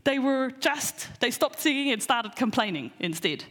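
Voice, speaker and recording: A woman with a high, bright voice teaches a Bible story in an easy, chatty way. She is animated and restarts her sentences often, full of ums. Her voice rings out in a large, echoing hall. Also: normal speed. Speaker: preacher teaching a Bible lesson. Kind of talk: casual church talk.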